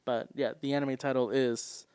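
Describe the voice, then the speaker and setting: A man's voice: medium pitch, steady tone, moderate pace, a little mellow, clean tone, dry recording, studio quality. A man co-hosting a podcast, asking curious questions in casual chat and laughing often. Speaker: podcast co-host. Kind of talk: casual chat about anime news.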